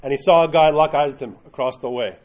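A fast-speaking man whose voice is on the high side teaches religion to a group, often stopping to quiz the room. He is an Orthodox Christian teacher with an uneven pace, recorded in dull lo-fi quality.

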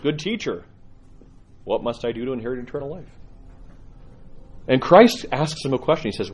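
Husky-voiced priest telling stories. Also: male voice, medium pitch, a little mellow. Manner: candid, laughing, halting restarts. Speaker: Orthodox priest. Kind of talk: personal storytelling talk.

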